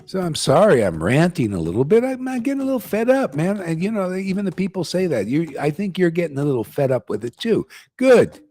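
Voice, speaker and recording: Blunt, high-voiced older man ranting. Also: big pitch swings, quick pace, hardly any pauses, dark tone, faint music behind. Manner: blunt and ranting, slangy, keeps saying "man". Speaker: spiritual teacher leading a chanting gathering. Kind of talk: informal devotional talk.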